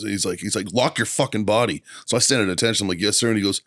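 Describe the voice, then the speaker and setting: A Marine veteran man co-hosting a podcast, telling profane, animated stories in casual chat. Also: low voice, very fast, hardly any pauses, no room sound, clean studio sound.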